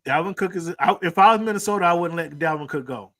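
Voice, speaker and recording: Insistent bright-voiced man arguing sports. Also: a little high, quick pace, no echo. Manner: insistent, repeats himself, talks over others. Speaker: sports show co-host. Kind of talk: heated sports debate.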